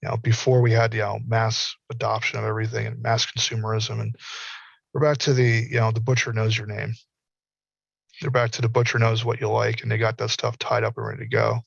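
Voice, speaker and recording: A man's voice: lowish voice, monotone, brisk, creaky, dry recording, highs cut off. A middle-aged man on an online panel, a candid storyteller who acts out quotes as he researches virtual worlds.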